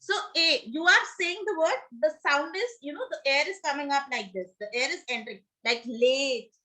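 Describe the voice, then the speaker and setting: A woman's voice: sits high, moderate pace, sharp tone. A woman teaching a pronunciation lesson to a class, leading drills, coaxing students to repeat words and checking in with "okay?".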